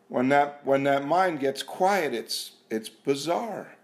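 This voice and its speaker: A man giving an earnest, self-mocking personal testimony at a recovery meeting, repeating himself and sometimes dropping to a hushed voice. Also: medium pitch, expressive, slow, few pauses. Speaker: speaker sharing at a recovery meeting. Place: meeting room.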